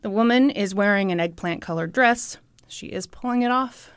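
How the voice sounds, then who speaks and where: A woman's voice: mid-range voice, normal speed, clean tone, no echo. A woman co-hosting a comedy chat show, telling a story in a playful, teasing way. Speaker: podcast co-host.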